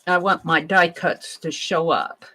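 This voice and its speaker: A woman hosting an art journaling stream, chatting casually to herself and viewers as she paints, with soft murmured asides. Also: lowish voice, fairly even intonation, measured pace, rough recording. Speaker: art journaling livestream host. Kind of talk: casual crafting narration.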